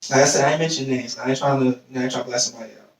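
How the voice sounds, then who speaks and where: A young podcast host with a mid-range voice races through a long personal story told casually, animatedly acting out the voices of the people in it. The distant mic picks up an echoey room.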